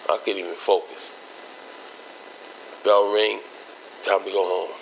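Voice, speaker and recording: In a low-quality recording with a little hiss or hum, a man with a gravelly, unhurried voice and level tone tells his life story as an interview guest. He uses casual street slang and acts out the people in it, raising his pitch for quoted voices.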